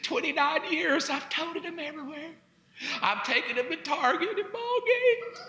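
A man voicing his weepy middle-aged wife who feels lost now the children have grown, in a high, wailing whine. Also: expressive, normal speed, bright, forceful tone, heavily acted. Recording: echoey hall.

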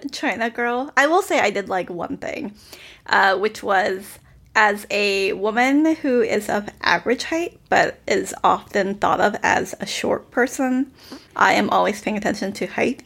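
A woman's voice: medium pitch, lively intonation, gravelly. A woman co-hosting a podcast, chatting casually about a TV series and filling her talk with "like". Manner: chatty, many "like" fillers, quick laughs. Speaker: podcast co-host. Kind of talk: casual critical chat.

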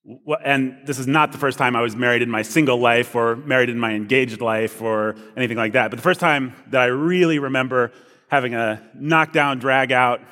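A male pastor giving a sermon, spinning a humorous story with easy, self-deprecating asides. His pitch sits mid-range. The sound carries a long reverb from a big church room. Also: steady tone, normal speed, pushed and bright.

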